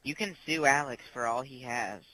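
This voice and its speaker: A man's voice: medium pitch, normal speed, sharp tone, poor audio. A man chatting over a headset during a video game, teasing and making mock announcements. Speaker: teammate in party chat. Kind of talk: casual gaming banter.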